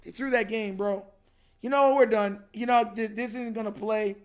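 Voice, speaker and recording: In a casual livestream rant, a young male host vents about a football game in a high-pitched voice with fairly even intonation and moderate pace. He's frustrated and slangy, repeats himself a lot, and says "bro" constantly.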